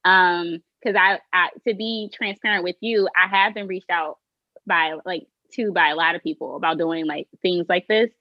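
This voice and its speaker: A woman's voice: fairly low pitch, steady tone, normal speed, dry recording, lo-fi sound. A woman guest on a casual podcast, upbeat and emphatic, saying "like" and "okay" a lot.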